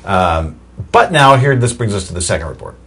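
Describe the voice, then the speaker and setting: A man's voice: lowish voice, very animated, fairly quick, a bit bright, breathy edge. A man hosting a casual political commentary show, reading news articles aloud with wry asides and fillers.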